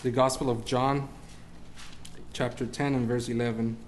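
A man's voice: medium pitch, little pitch movement, moderate pace, slight background noise. Man preaching a sermon. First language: Spanish. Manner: searches for English words, rises when preaching.

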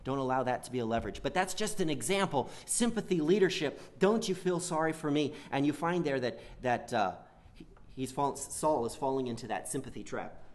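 Male preacher, mid-pitched, halting delivery with many restarts, slips into a pleading voice for quotes. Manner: halting, repeats words, acts out quoted whining. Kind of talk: sermon.

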